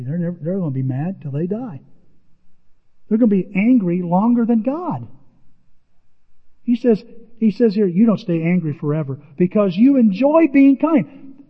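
High-voiced emphatic man preaching in a hall. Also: husky. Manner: emphatic, animated, exclaims and repeats words. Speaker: pastor. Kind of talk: sermon. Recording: reverberant hall, dull lo-fi sound.

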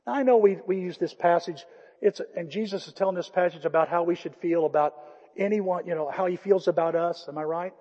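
A male preacher with a high, mellow, husky voice tells a story from the pulpit. He moves between loud acted-out exchanges and quiet, intimate emphasis. The sound is muffled and rings with the long reverb of a big hall. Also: fairly quick. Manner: storytelling, swings from loud animated retelling to hushed quiet emphasis. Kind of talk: sermon.

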